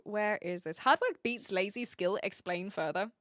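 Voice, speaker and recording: A woman's voice: medium pitch, animated, moderate pace, a bit bright, dry recording, studio quality. A woman with a New Zealand accent chatting casually on a live stream from her home setup, laughing often as she reads and answers chat.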